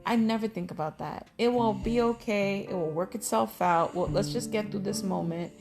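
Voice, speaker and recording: A woman's voice: mid-range voice, normal speed, music in the background. A middle-aged woman vlogging about her life in a candid, heartfelt, rambling way. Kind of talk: casual personal talk to camera.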